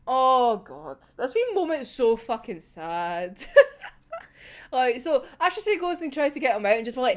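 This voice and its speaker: A woman's voice: fairly high pitch, very animated, measured pace. A young woman reacting to a manga chapter in casual chat, swearing freely and laughing often. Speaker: manga reviewer.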